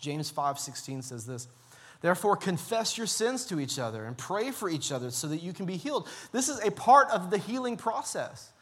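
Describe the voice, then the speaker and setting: Male pastor, fairly high voice, earnest, repetitive and urging. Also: fairly bright tone, breathy edge. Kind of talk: sermon. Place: church.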